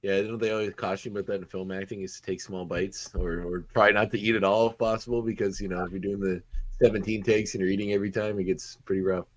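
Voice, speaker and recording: A man's voice: on the low side, flat delivery, fast talker. A Canadian man hosting a podcast interview, chatting and asking his guest questions with his own asides. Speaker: podcast host. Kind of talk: casual interview chat.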